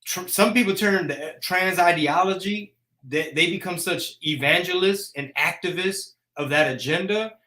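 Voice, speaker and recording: A man's voice: high voice, normal speed, bright, forceful tone. A man, hosting a casual live chat in a brash, joking rant. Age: 40s. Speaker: host.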